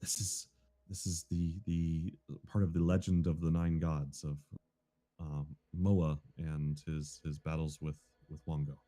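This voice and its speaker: A man's voice: very deep voice, little pitch movement, measured pace, dark tone, no echo. A man voicing a male companion who whispers hesitantly about a legend. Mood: hushed. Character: hushed adult male scholar reading old inscriptions.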